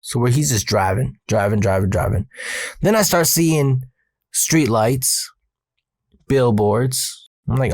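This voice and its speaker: A man recounts a story from his working days in loose, streetwise talk full of swearing. His voice sits at an ordinary middle pitch. The recording is dry and close, with no room sound. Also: lively intonation, slow, long pauses, no room sound. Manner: profane, streetwise, conversational. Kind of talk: casual personal storytelling.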